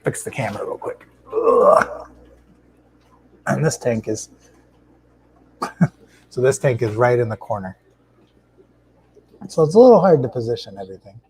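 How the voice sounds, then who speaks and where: A man hosting a casual live stream about his shrimp tanks, talking into a lapel mic in a home fish room in a relaxed, chatty way with plenty of fillers and restarts. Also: mid-range voice, normal speed, long pauses, breathy edge, poor audio. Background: faint hum of aquarium tanks.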